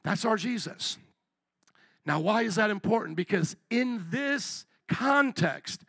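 High, bright-voiced preaching pastor. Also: male voice, takes it slowly, no echo. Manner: animated, asks the congregation questions. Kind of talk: sermon. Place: church.

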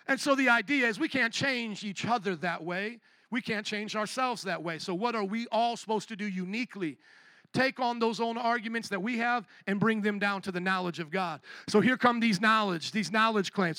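A man's voice: high-pitched, moderate pace, bright, forceful tone, no room sound. A man preaching a sermon as pastor, emphatic and calling out to the congregation.

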